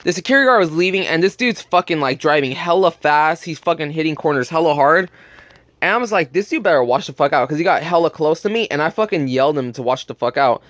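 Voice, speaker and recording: A man's voice: fairly high pitch, animated, fast talker, a bit bright, dry recording. A young man telling a blunt, profane story about work in a casual vlog. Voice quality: burping, just ate. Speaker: gaming channel host.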